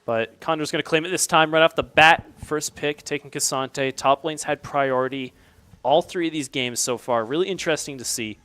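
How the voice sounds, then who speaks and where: A man's voice: on the high side, moderate pace, pushed and bright, clear, resonant tone. A young man giving upbeat, live play-by-play commentary on an esports match and explaining strategy at length.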